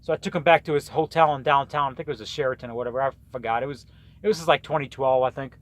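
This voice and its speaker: A truck driver rants casually to the camera, his medium-pitched voice racing along. He rambles and repeats himself, restarting his sentences again and again.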